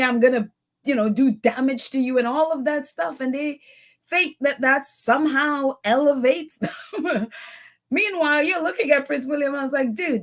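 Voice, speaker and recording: A woman hosting a live call-in chat, reading viewer comments and giving her opinions, laughing often. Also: high-pitched. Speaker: host.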